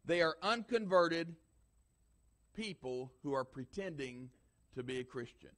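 A high-pitched male pastor delivering a sermon in church. He hammers home his points through repetition, pushing each line harder than the last. His voice rises as he presses the congregation. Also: expressive, unhurried, a bit bright. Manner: emphatic preacher, repeating lines with rising force.

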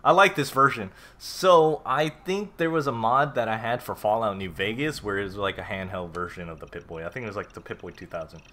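A man casually commenting on a game as he plays, reading notes aloud, swearing and reacting loudly. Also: fairly low pitch, brisk, few pauses. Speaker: gameplay streamer. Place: home room with a cat.

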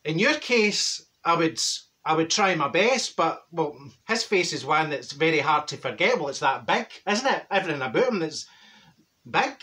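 A man's voice: a little high, very animated, normal speed, pushed and bright. A man voicing a chatty older Glasgow woman with a Glaswegian Scottish accent, telling cheeky gossip and stories to camera with frequent laughs. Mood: gossipy. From Glasgow, Scotland. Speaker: comedy character host. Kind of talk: comic monologue to camera.

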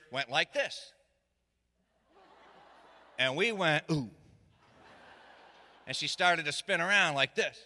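A middle-aged man tells a comic tale to a live audience. His voice sits high and cuts with a hard, bright edge. A long hall reverb trails each line. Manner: animated, shouting quoted lines, dry asides. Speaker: storyteller. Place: stage in a hall.

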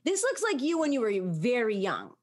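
A woman's voice: on the high side, wildly swooping pitch, moderate pace. Laughing, teasing woman co-host. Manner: laughs often, loud and teasing. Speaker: podcast co-host. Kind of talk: casual chat. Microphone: remote call.

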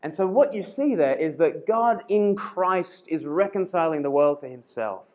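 A man preaching at a conference, animated and acting out quoted voices. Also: a little high, moderate pace. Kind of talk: conference talk.

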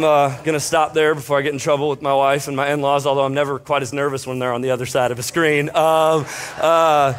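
A young male pastor speaks to his congregation with a fairly high-pitched voice. He tells a long, self-deprecating story, full of fillers and quick jokes. The delivery is loose and conversational. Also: a bit bright. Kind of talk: casual storytelling sermon. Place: church stage before a congregation.

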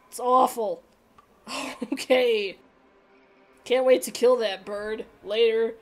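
A woman with a high voice gives casual gameplay commentary at an unhurried pace. She is excitable and breaks into dramatic outbursts. Faint game music plays behind her. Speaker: let's play host.

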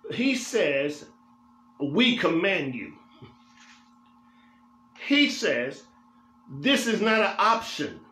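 A man's voice: high voice, big pitch swings, extremely slow, long pauses, sharp tone. A male pastor teaching a Bible study in a church, speaking emphatically and repeating phrases for weight in a preaching cadence. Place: church sanctuary. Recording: roomy church echo.

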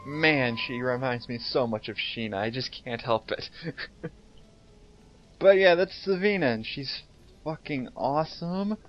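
A young man giving casual, excited let's-play commentary, chatty and laughing often. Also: mid-range voice, unhurried, pauses often. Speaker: game streamer. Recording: slightly dull home mic with game music.

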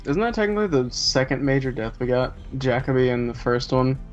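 A man's voice: mid-range voice, animated, fairly quick, faint music behind. A man co-hosting a podcast, dropping wisecracking asides while reacting to a TV episode. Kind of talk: casual reaction chat. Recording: dull lo-fi sound.

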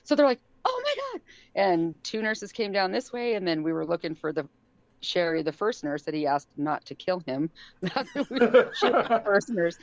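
A woman's voice: on the low side, moderate pace, no room sound. A middle-aged woman telling a story casually on a podcast, laughing often and acting out what people said. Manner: animated, laughs often, acts out quotes. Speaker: guest. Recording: dull lo-fi sound.

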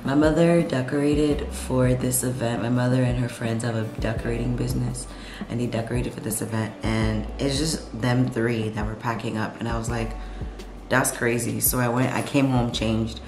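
A woman's voice: a bass voice, steady tone, normal speed. A woman vlogging at home in a chatty, sassy way, full of slang, talking to her camera. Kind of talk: casual late-night vlog chat. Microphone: camera set up nearby. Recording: echoey room with music behind.

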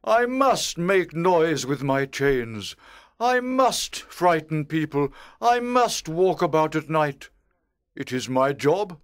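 A man's voice: a little high, big pitch swings, takes it slowly. A man playing a haughty, weary old ghost. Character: weary centuries-old male ghost, proud and rude. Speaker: ghost in a graded reader audio. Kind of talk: scripted audiobook drama.

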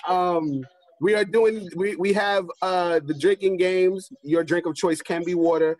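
A man hosting a casual video call reunion, talking in an excited, emotional and rambling way. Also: sits high, measured pace. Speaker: host.

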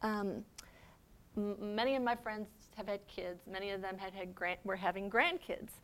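A middle-aged woman giving a faith seminar talk, conversational and quick to laugh, often checking in with "okay?". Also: mid-range voice. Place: seminar room.

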